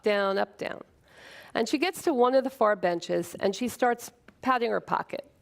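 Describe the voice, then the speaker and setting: A woman with a gravelly, creaky voice tells a personal story on stage. She is earnest and emotional, slowing into dramatic pauses. Her pitch sits in a middle range. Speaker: speaker at a short talk event.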